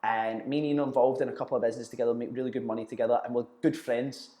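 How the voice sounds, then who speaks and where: A man's voice: medium pitch, level tone, racing, warm tone. A young Scottish man, a guest in a casual interview, talking bluntly, swearing freely and telling stories with quoted banter. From Scotland. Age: young adult. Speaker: guest, entrepreneur. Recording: roomy echo.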